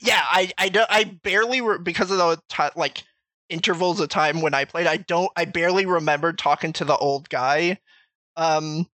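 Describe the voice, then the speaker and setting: A man chats casually about a game, rambling through his stories and swearing freely. His voice is bright and fairly high, and the recording is dry and close. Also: steady tone, moderate pace, no room sound. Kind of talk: casual chat.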